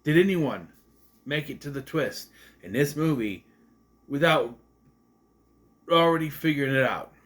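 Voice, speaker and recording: In a fairly high-pitched voice, unhurried and broken by long pauses, a young man rambles through a casual movie review. He's animated and keeps correcting himself as he goes.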